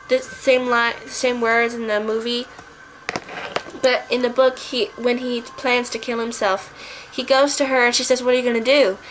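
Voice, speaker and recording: A woman with a fairly high voice talks into her camera in a relaxed, rambling review vlog. She doubles back and restarts her sentences as she works her thoughts out aloud. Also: low-quality recording. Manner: rambling and chatty, with frequent restarts. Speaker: book and film reviewer.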